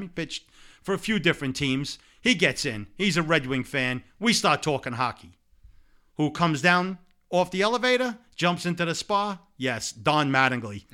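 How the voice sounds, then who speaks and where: New guy spinning a funny story, kinda high voice, really bright. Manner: animated anecdote-telling with laughs and repeated "blah, blah". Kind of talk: casual storytelling chat.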